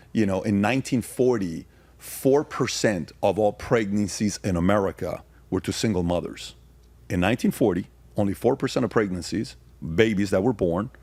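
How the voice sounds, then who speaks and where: A man with a fairly low voice, talking as a podcast guest in a casual conversation. He tells personal stories and builds to emphatic, rhetorical arguments. The sound is dry and close. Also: a little mellow, slightly rough, no echo. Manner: storytelling, turning emphatic and rhetorical when arguing.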